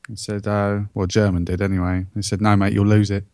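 A man's voice: fairly low pitch, brisk, no room sound, studio quality. A man co-hosting a comedy podcast, cutting in with crude jokes. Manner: crude joke-teller, lively. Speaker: podcast co-host. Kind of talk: casual comedic podcast banter.

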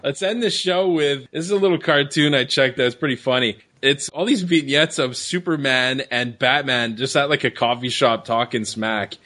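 Male co-host, jokey and quick, casual podcast talk. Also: mid-range voice, sharp tone. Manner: joking, brisk. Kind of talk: casual chat.

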